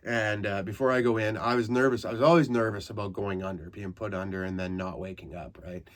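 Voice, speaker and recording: A man from Canada, a comedian hosting a podcast, telling rambling, profane stories in casual comic style that turn loud and animated in the retellings. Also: on the low side, fairly quick.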